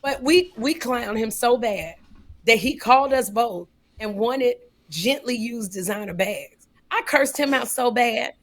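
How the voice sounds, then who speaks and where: A woman co-hosting a podcast, telling a story in casual comedic style, animated and getting loud on punchlines. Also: fairly high pitch, a little slow. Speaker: podcast co-host.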